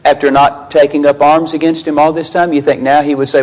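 A man teaches through a Bible passage verse by verse in a conversational way, asking listeners rhetorical questions and acting out quoted lines with raised pitch. His intonation is fairly even, his pace quick, and his voice a little mellow. The recording is rough.

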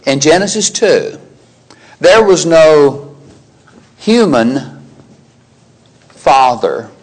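A man preaching a sermon, emphatic and animated, acting out biblical characters' lines in quoted dialogue. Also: fairly high pitch, extremely slow.

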